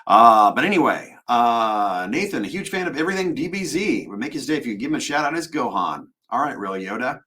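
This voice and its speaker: A man's voice: mid-range voice, very animated, a little fast, hardly any pauses, pushed and bright. A man, a voice actor, chatting casually and jokily while signing autographs on a live stream. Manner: jokey, playful, self-mocking. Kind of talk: casual livestream chat.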